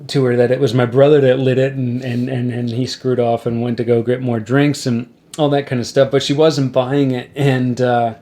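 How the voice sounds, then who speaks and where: A man's voice: medium pitch, moderate pace, hardly any pauses. A man hosting a podcast, casually telling a wry road story to his guest and acting out the people in it. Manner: wry anecdote-telling, animated when acting out quotes. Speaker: podcast host and musician.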